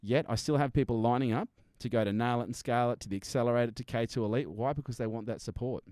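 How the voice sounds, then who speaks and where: A man's voice: mid-range voice, fast, darkish tone, no room sound, studio quality. A man speaking as a podcast guest, emphatic and blunt, swearing now and then and acting out customers to make his points. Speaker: guest business strategist. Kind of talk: energetic podcast interview.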